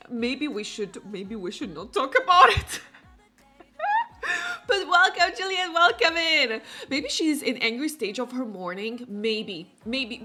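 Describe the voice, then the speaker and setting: High, bright chatty woman gamer. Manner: chatty and giggly, greets viewers. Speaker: Let's Play host. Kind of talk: casual gameplay chat.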